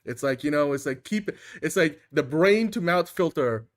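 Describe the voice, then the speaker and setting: Rambling, animated man. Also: fairly high pitch, normal speed, noisy background. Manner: rambling, animated, lots of filler words. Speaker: host. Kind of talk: casual podcast chat.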